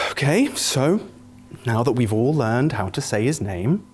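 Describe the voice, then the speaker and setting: A man's voice: medium pitch, very animated, takes it slowly, a little hiss or hum. A man hosting an esports comedy sketch, flustered and stammering as he talks. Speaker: esports broadcast host.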